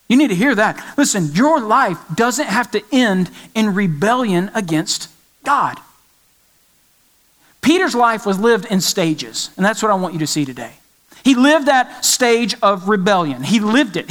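A man with a high-set voice preaches a sermon. He speaks with emphatic conviction and drives points home by repeating them. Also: a bit bright. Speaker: pastor.

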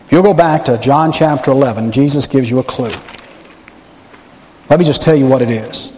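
Male pastor, sermon delivery, dramatic slow-downs, reverberant hall sound. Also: medium pitch, a little mellow. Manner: dramatic storytelling, pauses and slows for emphasis.

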